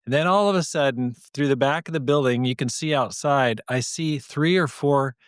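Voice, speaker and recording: Man, podcast host, lively storyteller, plays the voices in his story, mid-pitched voice, dry close mic. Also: normal speed, clear, resonant tone, no room sound. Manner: animated storyteller, acts out quoted voices.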